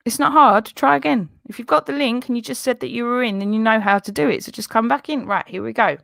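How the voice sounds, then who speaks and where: Insistent woman with a gravelly voice. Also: on the high side, fast, a bit bright, no echo, clean studio sound. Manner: insistent, exasperated. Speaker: live stream host. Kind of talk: heated live stream confrontation.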